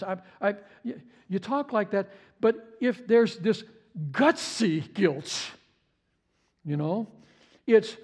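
A man's voice: high-pitched, animated, measured pace, long pauses, darkish tone. A male pastor preaching a sermon with passion, often repeating words and stumbling over restarts.

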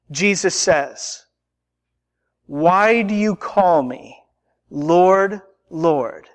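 A man preaching a sermon, emphatic and deliberate, building through repeated rhetorical questions. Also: sits high, a bit bright, in a large hall.

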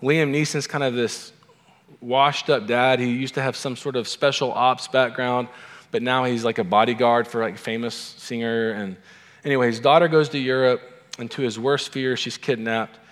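A man's voice: mid-range voice, fairly even intonation, moderate pace, fairly bright tone, long reverb tail. A male pastor giving a sermon in a conversational way, with wry asides to the congregation.

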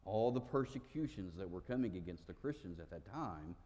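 A man's voice: low voice, animated, brisk, mellow, big-room sound. A man preaching a sermon, teaching with emphatic stresses and playful asides.

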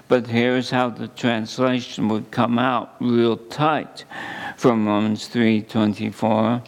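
Male pastor, sermon delivery, very slow, gravelly texture, deliberate and emphatic. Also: mid-range voice. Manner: slow, deliberate scripture reading with emphatic pauses.

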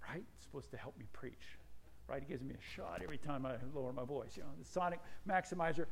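A male pastor delivers a sermon in a slightly high voice. He tends to let his voice fall away at the moments he means to stress, then grows lively and self-mocking as he tells a story about himself. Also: fast, creaky. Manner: drops his voice at points of emphasis; animated storytelling with self-deprecating asides.

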